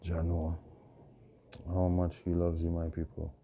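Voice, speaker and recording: A man with a hoarse voice, preaching a proclaiming monologue full of repeated rhetorical questions. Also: deep voice, completely flat delivery, measured pace, mellow. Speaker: self-styled preacher. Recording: dull lo-fi recording with faint noise.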